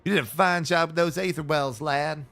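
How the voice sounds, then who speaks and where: A man voicing a gruff, boozy male master smith who is lazy and proud, reading game dialogue aloud in bluff, old-fashioned phrasing. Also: on the high side, moderate pace, fairly bright tone, soft background music.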